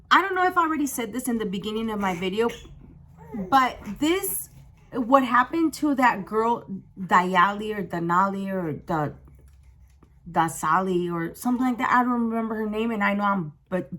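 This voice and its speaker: A young woman telling a storytime on her vlog, emotional and animated, swearing freely. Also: medium pitch. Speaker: vlogger. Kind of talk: casual storytime.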